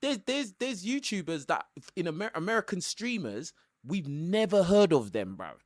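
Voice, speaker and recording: A man's voice: high-pitched, normal speed. A man runs a live call-in show, chatting casually and hammering his points with "bro." The sound is dry and close to the mic, with no room echo. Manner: animated, emphatic, tags lines with "bro". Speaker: YouTube caller-show host.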